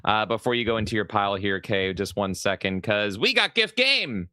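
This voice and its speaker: A man co-hosting a podcast in loose, excitable chat, cursing freely. His voice sits low yet sounds bright and crisp. It is recorded close and dry. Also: normal speed, dry recording. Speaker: podcast co-host. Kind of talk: casual chat.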